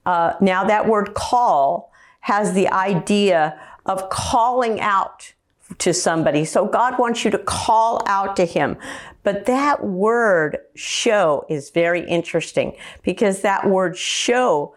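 A woman preaching a slow, earnest teaching sermon and quoting scripture. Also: mid-range voice.

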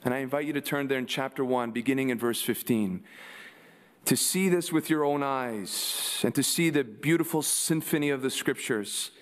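A man's voice: medium pitch, normal speed. A man preaching a sermon, asking his congregation rhetorical questions and answering them with emphasis. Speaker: pastor.

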